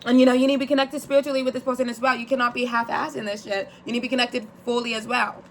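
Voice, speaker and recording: Woman, 20s, vlogger, candid casual chat, quick pace, faint background noise. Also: fairly high pitch, level tone. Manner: candid and rambling, swears casually. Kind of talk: casual chat to camera, as if on the phone.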